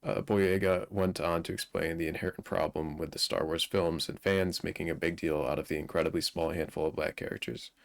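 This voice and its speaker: A man with a very deep voice and a gravelly fry, talking casually on a live stream. He reads headlines aloud and drops profane asides between them. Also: fairly even intonation, a little fast, few pauses. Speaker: streamer co-host.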